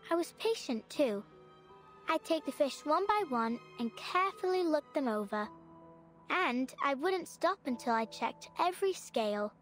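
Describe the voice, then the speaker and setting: A soft earnest little girl in a game, high voice that swoops around, bit of music behind. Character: curious, lonely young girl, earnest and thoughtful. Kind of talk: game voice acting.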